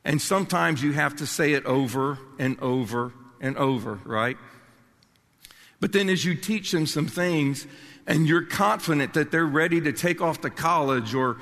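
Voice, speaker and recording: Brief: older man, passionate pulpit preacher, gravelly voice, long hall reverb. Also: fairly high pitch, normal speed, fairly bright tone. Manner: passionate, emphatic preaching with restarts. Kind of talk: sermon.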